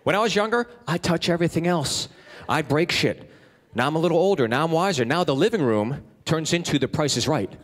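A middle-aged man doing stand-up comedy, telling animated stories and ranting in exasperation. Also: on the high side, fairly quick. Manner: animated storytelling, exasperated rants. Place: stage in a comedy venue. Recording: live stand-up set with audience laughter. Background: crowd laughing.

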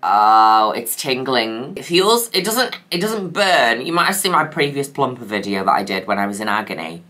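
Cheeky gushing woman doing a makeup review, really deep lively voice, quiet music behind. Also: moderate pace. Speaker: makeup vlogger.

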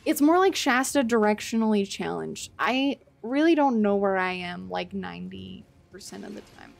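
A woman streaming a game, chatting to her viewers in a flustered, self-mocking way, with loud panicked outbursts and casual swearing. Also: mid-range voice, expressive, normal speed, vocal fry. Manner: swears casually, talks to chat. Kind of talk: casual gameplay commentary. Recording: faint game music behind.

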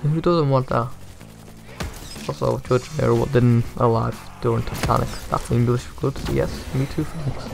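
A man's voice: mid-range voice, steady tone, moderate pace, vocal fry, over music. A young man giving jokey, rambling commentary on a video game reveal as a gaming YouTuber.

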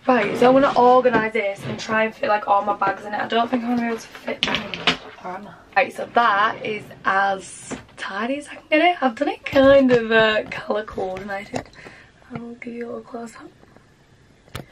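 A young woman with a Yorkshire accent talks casually and excitedly to her viewers while tidying up at home. Her voice sits a little on the high side, and there is a faint hiss behind her. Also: moderate pace. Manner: chatty and excitable, talks to camera while sorting. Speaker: vlogger. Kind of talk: casual vlog chat. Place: bedroom at home.

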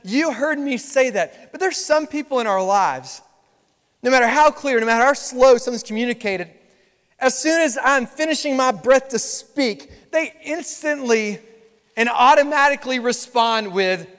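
A man preaching a sermon as pastor, lively and conversational with touches of humor. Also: extremely high pitch, normal speed, smooth. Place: large church sanctuary. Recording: long reverb of a large hall.

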